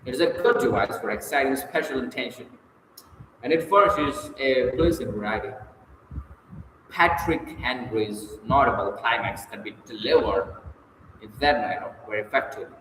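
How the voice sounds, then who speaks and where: A man's voice: mid-range voice, moderate pace, pushed and bright, slight background noise. A man reading a public speaking textbook aloud, with occasional stumbles and self-corrections. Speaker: audiobook reader. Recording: echoey hall with long reverb.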